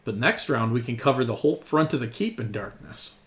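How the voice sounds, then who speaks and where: A man's voice: mid-range voice, lively intonation, fairly quick, a bit bright. A man narrating as game master of a tabletop game, casual and laughing often, thinking aloud as he counts up rolls.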